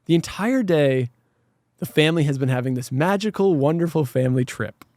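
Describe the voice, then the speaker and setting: A man's voice: on the high side, animated, fairly quick, darkish tone, dry recording, clean studio sound. A man co-hosting an unscripted podcast, eagerly retelling a scene with lots of swearing and laughter. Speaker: podcast co-host. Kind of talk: casual unscripted podcast chat.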